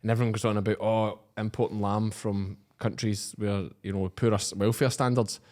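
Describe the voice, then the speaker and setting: A man hosting a casual farming podcast chat, teasing and pushing his guests with quick questions. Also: fairly low pitch. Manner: animated, teasing, leading the talk with quick questions. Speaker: podcast host.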